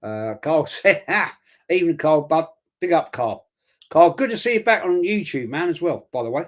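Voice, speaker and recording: A man's voice: a little high, animated, normal speed. A man chatting casually on a fan live stream, rambling with restarts and friendly asides as he reads out viewer comments. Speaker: fan channel host.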